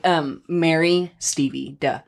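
A woman's voice: deep voice, fairly even intonation, takes it slowly, vocal fry. A woman co-hosting a podcast, bantering in a playful, jokey way. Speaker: podcast co-host. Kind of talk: casual chat.

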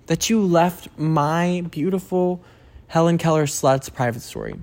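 A man's voice: fairly high pitch, very animated, a little slow, darkish tone. A young man hosting his own podcast, rambling casually with stammered restarts, self-deprecating asides and frequent cursing. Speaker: podcast host. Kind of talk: rambling solo podcast chat.

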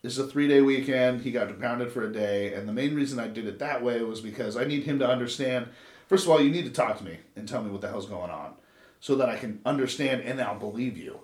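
A man in his thirties from Los Angeles tells a long story in a casual, rambling way, full of swearing and asides. His voice sits at an ordinary middle pitch. The sound is roomy and echoey, like a podcast taped in a bare room. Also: fast talker, a little mellow. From Los Angeles, USA. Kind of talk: casual chat. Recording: roomy echo.

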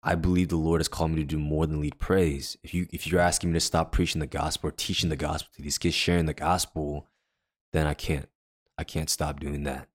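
Low-voiced man telling an earnest story. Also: little pitch movement, brisk. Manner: earnest, acts out quoted dialogue. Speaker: podcast co-host. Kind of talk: personal storytelling in casual chat.

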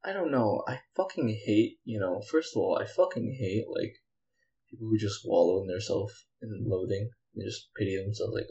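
Sighing often and cursing freely, a solo podcast host rants with bitter anger, rambling and leaning on fillers. He has a lowish, warm, creaky voice at a moderate pace, heard through dull audio.

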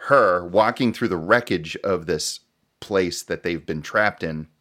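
A man's voice: low voice, measured pace. A man co-hosting a podcast, chatting casually about a movie, laughing often and acting out scenes. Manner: animated, laughs often, acts out quotes from scenes. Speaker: podcast co-host reviewing a film. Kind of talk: casual chat.

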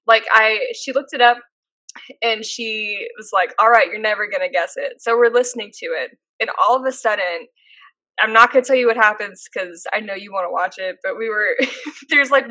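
A woman co-hosting a casual podcast, rambling through anecdotes with plenty of fillers. Her voice is bright, sitting a bit high, and the sound is dry and close, with no room around it. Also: no echo, muffled recording. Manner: chatty storyteller, lots of fillers. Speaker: podcast co-host. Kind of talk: casual chat.

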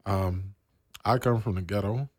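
A man's voice: low-pitched, a little slow, no echo, clean studio sound. A man from the East Coast of the US hosting a radio show, talking casually and slangily with many fillers.

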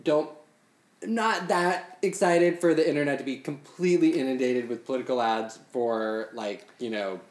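A man's voice: mid-range voice, normal speed, echoey room. Easygoing male podcast co-host. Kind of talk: casual podcast chat.

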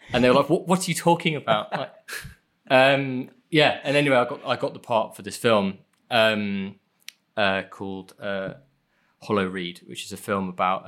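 A man's voice: fairly low pitch, fairly bright tone. Rambling, self-deprecating man. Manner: rambling, self-deprecating, swears casually, many fillers. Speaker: guest, film editor. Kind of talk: casual podcast chat.

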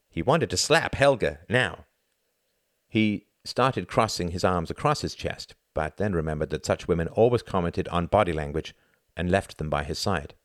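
A male audiobook narrator reads with a very low, deep voice that rises and falls with lively expression. The sound is close and dry, with no room around it. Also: dry recording. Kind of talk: audiobook reading of a novel.

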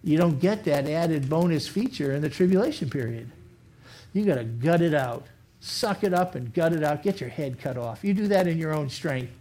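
Animated pastor preaching a sermon. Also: male voice, a little high, moderate pace. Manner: animated, acts out imagined speakers. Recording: faulty recording.

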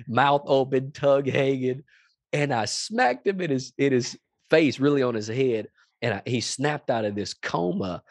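A man's voice: mid-range voice, no echo, studio quality. A man, a pastor, giving a passionate testimony in an interview, emphatic and repeating phrases. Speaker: pastor and executive director, guest.

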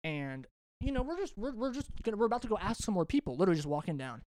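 A young man tells a long, animated story on a casual podcast, swearing freely and restarting his sentences as he goes. His voice sits a little high and comes across smooth and clear, recorded close and dry. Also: very fast, dry recording. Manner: rambling, animated, swears a lot, many restarts. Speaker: podcast host.

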